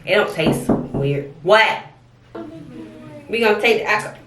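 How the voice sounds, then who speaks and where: A woman's voice: medium pitch, animated, measured pace, recorded from a distance. A slangy, rambling woman talks through a casual tutorial vlog. She sits back from the mic in an echoey bathroom. A faint hiss runs underneath. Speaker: vlogger. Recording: roomy, off-mic, faint noise.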